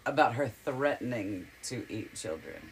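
A man in casual podcast chat, calmly explaining what he has read. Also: medium pitch, moderate pace, slight background noise. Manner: informative, explaining lore.

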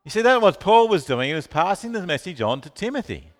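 A man with a high voice, talking a little fast, leads a sermon full of energy. Questions go out to the congregation and listeners get called on by name, with a hall's long reverb around him.

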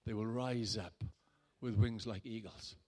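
A man, a pastor, telling a personal story in a sermon in a chatty way that builds to loud, emphatic bursts. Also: lowish voice, fairly even intonation, a little slow. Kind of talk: sermon testimony.

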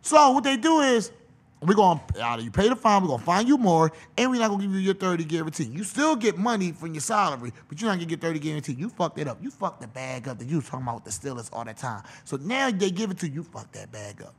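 A man's voice: fairly high pitch, very animated, fast, husky. A man hosting a podcast, delivering a profane, mocking comedic rant. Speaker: podcast host.

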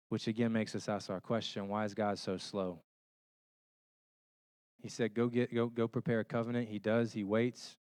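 A man giving a sermon as a pastor. He tells homey stories in an animated way and keeps checking in with rhetorical questions. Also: lowish voice, dry recording. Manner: conversational, checks in with listeners through rhetorical questions; animated storytelling with homey illustrations.

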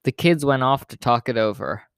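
A man reading a children's picture book aloud in plain, steady narration. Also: medium pitch, moderate pace, smooth, dry recording, clean studio sound. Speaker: storyteller.

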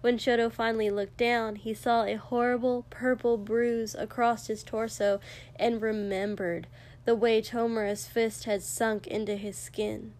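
A woman reading fiction aloud at a slow, measured pace, her voice a touch higher than most. She narrates expressively, letting each sentence land. It sounds like an audiobook. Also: level tone, a little mellow.

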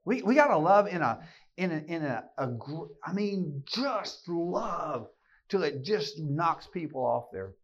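A man's voice: on the high side, a bit bright. Emphatic man preaching a keynote. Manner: emphatic, repeats phrases, folksy asides. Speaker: speaker at a men's gathering. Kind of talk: sermon-style keynote. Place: live talk to an audience. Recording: slightly dull lo-fi recording.

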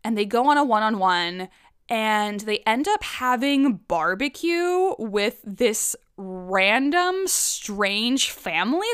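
A woman's voice: fairly high pitch, animated, slow pace, a bit bright, clean tone. Profane, ranting woman podcaster. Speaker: podcast host. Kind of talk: casual solo podcast rant.

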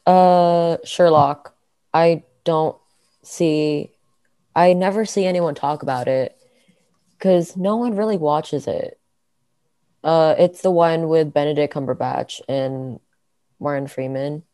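A woman's voice: low-pitched, slow pace, long pauses, warm tone, no echo. A woman co-hosting a podcast, chatting casually with friends in a teasing, opinionated way with frequent "um"s and "uh"s. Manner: opinionated, teasing, hesitant fillers. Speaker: podcast co-host. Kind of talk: casual chat among friends.

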